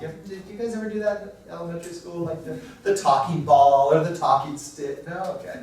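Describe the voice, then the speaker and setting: A man's voice: on the high side, lively intonation, a little fast, hardly any pauses, a little hiss or hum. A man in his forties leading a marriage workshop at a church, talking casually and checking in with his audience. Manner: conversational, self-deprecating, checks in with "okay?". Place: church hall. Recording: very echoey hall from far off.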